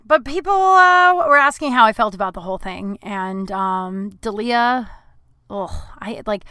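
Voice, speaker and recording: A woman's voice: medium pitch, animated, a little slow, sharp tone, clear, resonant tone, no echo. A woman hosting her own podcast, telling stories in a rambling, frank, casual way with plenty of fillers and swearing. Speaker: podcast host. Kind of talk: casual solo podcast storytelling.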